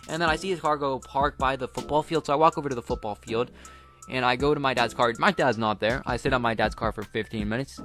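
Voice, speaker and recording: A man's voice: mid-range voice, a bit bright. A teenage boy telling a casual storytime tale, rambling along with lots of filler words. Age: teens. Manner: rambling, full of "like" and "you know" fillers. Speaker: vlogger.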